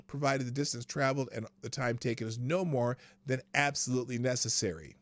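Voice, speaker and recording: A man's voice: mid-range voice, quick pace, hardly any pauses, no echo. A man hosting a live news commentary stream, ranting sarcastically, swearing freely and laughing between sentences. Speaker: show host.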